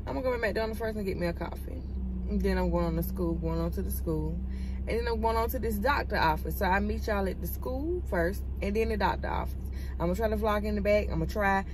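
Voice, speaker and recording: A woman's voice: medium pitch, fast, noisy background. A mother vlogging from her car, rambling casually and talking straight to her viewers. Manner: chatty and rambling, keeps addressing viewers. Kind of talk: casual vlog chat. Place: inside her parked car.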